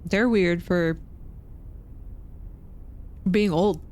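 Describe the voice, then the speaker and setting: A woman from Texas, a streamer telling a story in casual chat while gaming, animated and self-deprecating with nervous laughs. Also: fairly low pitch, extremely slow.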